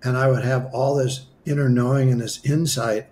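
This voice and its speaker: A man's voice: mid-range voice, moderate pace, slight background noise. A man being interviewed as a healer, telling a personal story in a chatty way with many asides. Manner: animated, acts out his own past dialogue; conversational, with many asides and restarts. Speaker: spiritual healer guest.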